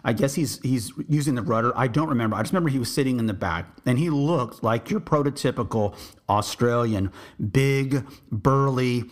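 A man from Texas recalls his army days at an easy, reflective pace. His voice sits at a middling pitch. He wanders through the story and often restarts his sentences. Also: normal speed. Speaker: podcast host and army veteran. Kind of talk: storytelling memoir.

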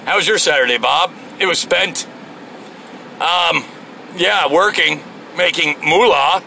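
A man with a bright, gravelly voice rambles to himself from inside his car, swearing freely and cracking jokes. A faint hum of air conditioning and road noise sits behind him. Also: a little high, takes it slowly. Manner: profane, joking, talks to himself. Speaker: solo show host. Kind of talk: rambling casual monologue while driving.

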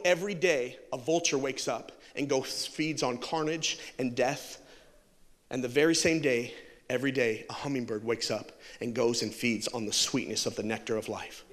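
A man preaching a sermon full of humor, animated and jokey, acting out bits of dialogue. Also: mid-range voice, big-room sound. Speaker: pastor. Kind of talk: sermon with comic stories.

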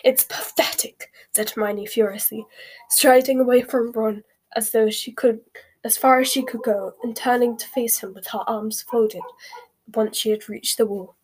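Breathy woman narrating a storybook. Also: on the high side, steady tone, moderate pace, a little mellow. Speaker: audiobook narrator. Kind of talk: scripted narration.

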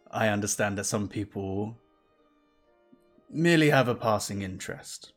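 A towering warrior-priest, calm and unhurried, as a man puts him on. He speaks slowly in a lowish voice, every word measured and solemn. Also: faint music behind.

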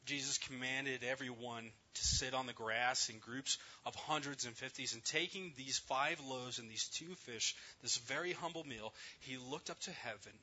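Guy preaching a sermon, really bright voice, kinda husky, dull lo-fi sound. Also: mid-range voice. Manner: storytelling, emphatic, dropping to soft near-whispers. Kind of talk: sermon on a scripture passage.

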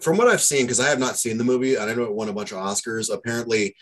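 Fast-talking husky man. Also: mid-range voice, a bit bright. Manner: quick, chatty, hedging with "I mean" and "you know". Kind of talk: casual movie discussion.

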